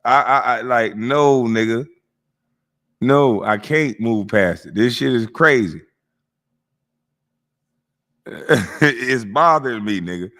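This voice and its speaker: A man's voice: medium pitch, slow, long pauses, fairly bright tone. Profane, mocking man reacting to a clip. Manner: mocking, laughing, swears heavily. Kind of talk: profane live commentary.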